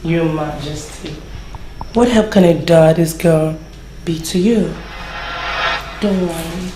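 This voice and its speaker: An actress with a Nigerian accent playing a wealthy young woman who calmly reassures the king in a film. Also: fairly low pitch, slow, noisy background. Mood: soothing. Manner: soothing, reassuring. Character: wealthy young woman, the king's caring lover. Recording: echoey room with music behind.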